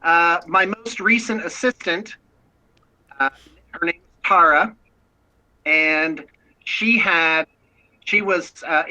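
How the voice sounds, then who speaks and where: A man's voice: fairly high pitch, pushed and bright, poor audio. An American man talking as a guest about his painting studio, chatty and self-promoting, often restarting his sentences. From United States. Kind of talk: casual chat.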